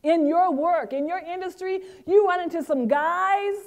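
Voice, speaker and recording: Woman, middle-aged, high voice, motivational keynote, talks to the crowd directly. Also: a little slow. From Caribbean. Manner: lively, interactive, talks to the audience directly. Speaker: keynote speaker.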